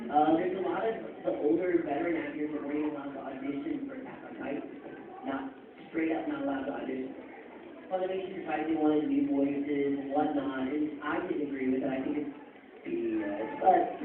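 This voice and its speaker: Man at a convention panel, animated and chatty, lightly high voice, echoey hall, tinny phone recording from far off. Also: background noise. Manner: animated, chatty, laughing, quoting others in voices. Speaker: voice actor panel guest. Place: large convention panel room. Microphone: phone in the audience.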